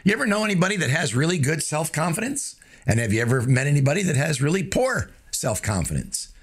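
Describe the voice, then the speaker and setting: A man's voice: a little high, sing-song, fast talker, slightly rough. A man hosting a casual motivational talk, folksy and joking, with lots of fillers. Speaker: host of a motivational show. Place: streaming live.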